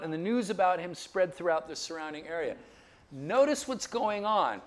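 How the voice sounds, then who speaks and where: A man giving a Bible lecture in an animated way, often checking in with listeners and chuckling in asides. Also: on the high side, moderate pace. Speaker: Bible teacher.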